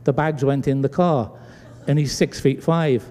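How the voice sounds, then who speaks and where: A man's voice: mid-range voice, a little slow. A man preaching a sermon, acting out the voices of people in his story. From Britain. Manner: animated storyteller acting out dialogue. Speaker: pastor. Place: church sanctuary. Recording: long church hall reverb.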